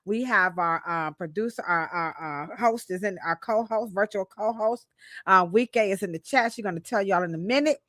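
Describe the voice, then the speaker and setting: A woman from Cleveland, Ohio co-hosts a podcast, keeping the casual chat playful, jokey and hyped up. Her mid-range voice is fairly bright and moves at a moderate pace. The studio sound is clean, with no room sound.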